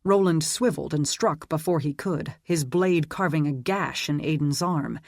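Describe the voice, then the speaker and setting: Audiobook narrator, scripted narration, steady, mid pitch, dry close sound. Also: normal speed, no echo.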